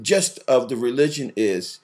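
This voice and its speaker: A man's voice: mid-range voice, animated, normal speed, darkish tone. A man co-hosting a casual chat, talking animatedly, repeating words, acting out quotes and laughing often. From family from the Southern US. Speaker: podcast co-host.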